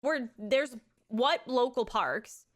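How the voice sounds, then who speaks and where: This thirtysomething streamer and mom chats on a livestream, speaking openly about bringing up her son and cursing without restraint. She talks slowly, her voice on the high side with lively intonation.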